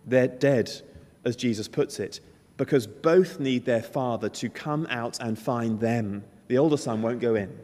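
A man's voice: mid-range voice, unhurried, darkish tone. A man preaching a sermon, emphatic and storytelling, acting out the characters' lines. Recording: long hall reverb.

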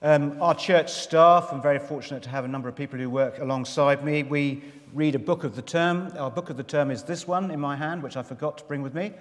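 Chatty preacher in an echoing church. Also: male voice, a little high, fairly quick, few pauses. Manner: chatty and self-deprecating, with asides to the congregation. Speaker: visiting preacher. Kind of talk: sermon. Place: church in London. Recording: reverberant church hall.

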